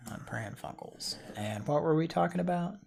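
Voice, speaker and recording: A man's voice: a little high, animated, normal speed, gravelly, a little mellow. A man hosting a podcast in casual chat, rambling and restarting his sentences as he talks. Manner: rambling, chatty, trails off and restarts. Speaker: podcast host.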